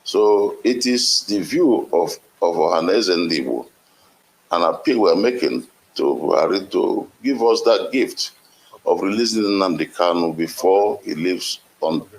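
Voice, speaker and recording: Guy answering interview questions, slow careful and hesitant, lowish voice. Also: rough recording. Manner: measured, hesitant, with fillers and restarts. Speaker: interviewed spokesman.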